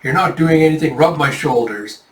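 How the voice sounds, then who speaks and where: A man's voice: on the high side, normal speed, reverberant, far from the mic, lightly acted. A man voicing a bossy, cranky old village woman who talks in curt, scolding orders.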